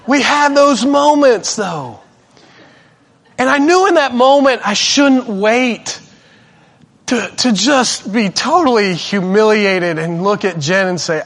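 Speaking slowly in a very high voice, a male preacher shares a personal story in his sermon. He comes across as animated and self-deprecating and keeps restarting sentences.

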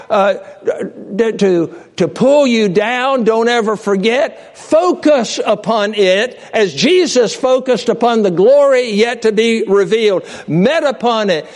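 The pastor's sermon swings with passion from loud cries to hushed, low storytelling. Speaking directly to his audience, he often repeats and restarts his words.

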